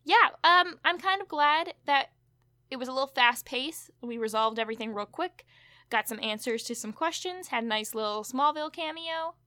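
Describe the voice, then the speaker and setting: A woman's voice: sits high, expressive, normal speed, bright, forceful tone, dry recording, clean studio sound. A woman co-hosting a podcast, recapping a TV episode in casual chat with chatty asides and fillers. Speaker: podcast co-host.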